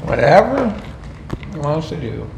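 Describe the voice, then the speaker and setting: A man's voice: on the high side, big pitch swings, unhurried, vocal fry, darkish tone. A man chatting casually while unboxing snacks, teasing his co-host and laughing often. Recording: roomy echo with background noise.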